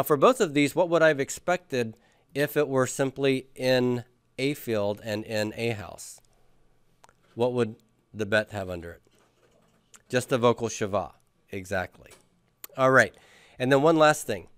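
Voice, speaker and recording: A man's voice: medium pitch, a little slow, pauses often, clear, resonant tone, dry recording. A man teaching a class, patiently drilling students and having them repeat after him. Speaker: Hebrew grammar teacher. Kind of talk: classroom lecture with questions.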